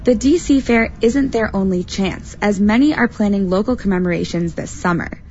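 A woman correspondent reading a radio news report in a measured, clear voice. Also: mid-range voice, darkish tone, dull audio, a little hiss or hum.

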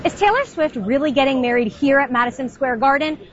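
A woman reporter speaking on location in a lively, upbeat way. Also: high-pitched, fairly quick, lo-fi sound. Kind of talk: on-location piece to camera.

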